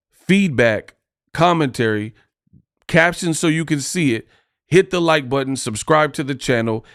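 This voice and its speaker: A man's voice: mid-range voice, no room sound, studio quality. A man hosting a boxing commentary video, talking in a loose, conversational way and drawing out his lines. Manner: loose, conversational, drawn-out delivery.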